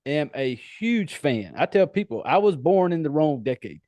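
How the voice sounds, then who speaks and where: A man's voice: on the high side, very animated, moderate pace, a little mellow, no room sound. A man with a Southern US accent hosting a podcast interview, chatty, laughing often and swearing freely. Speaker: podcast host. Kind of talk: casual interview chat.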